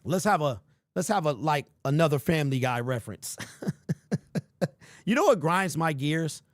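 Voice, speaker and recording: A man's voice: fairly high pitch, expressive, brisk, no echo, clean studio sound. A man hosting a sports podcast in casual chat, joking, laughing at his own stories and talking straight to viewers.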